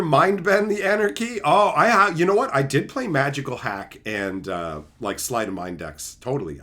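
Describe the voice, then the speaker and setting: Excitable, foul-mouthed man streaming. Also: medium pitch, slightly rough. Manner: profane, excitable, rants about cards; acts out friends in loud voices. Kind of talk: live stream chat.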